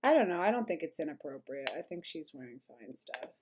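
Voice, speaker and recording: A young woman hosting a reaction commentary, talking casually with many fillers, restarts and throat clearing. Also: sits low, very animated, brisk. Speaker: commentary channel host.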